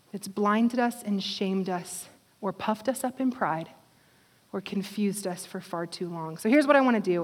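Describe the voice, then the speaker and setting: A woman preaching a sermon with passion, swinging from fervent exhortation to quiet, intimate appeals. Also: mid-range voice. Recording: long hall reverb.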